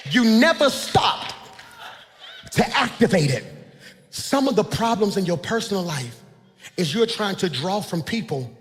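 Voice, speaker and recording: A high-pitched man preaches to a big church crowd, his voice climbing into shouts. His words ring out through a hall with a long reverb while faint music plays underneath. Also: big pitch swings, unhurried, pauses often. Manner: shouting, preaching with a sing-song cadence. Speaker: pastor. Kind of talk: sermon. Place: large church before a congregation.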